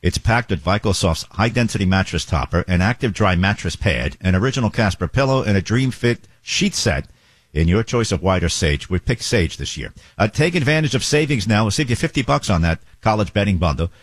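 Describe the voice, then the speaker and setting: Fast-talking husky radio host. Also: male voice, on the low side, animated, dry recording, studio quality. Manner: brash, fast, joking, ad-libbing. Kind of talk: morning radio talk and live-read ads. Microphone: close studio microphone.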